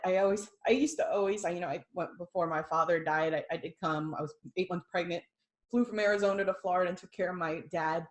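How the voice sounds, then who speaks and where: A middle-aged woman, a former nurse, tells an emotional personal story. She laughs through tears and quotes the people in it as dialogue. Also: lowish voice. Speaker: guest sharing a personal testimony.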